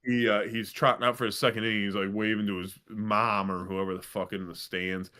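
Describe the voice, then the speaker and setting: A man co-hosting a casual podcast, telling a long story in a rambling, profane, animated way. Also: lowish voice, brisk. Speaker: podcast co-host. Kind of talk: casual sports podcast chat.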